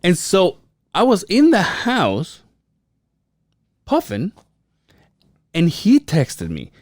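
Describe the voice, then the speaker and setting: A man's voice: high voice, huge pitch swings, drawn-out words, dry recording, clean studio sound. A man in his thirties, a podcast co-host, telling a profane story in casual chat and acting out the quotes. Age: 30s.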